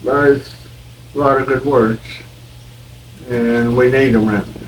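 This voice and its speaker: A man's voice: mid-range voice, fairly even intonation, slow, distant mic, slight background noise, low-quality recording. An older man with a Kentucky accent, the host's husband, talking in a folksy, easygoing way while he tastes the food.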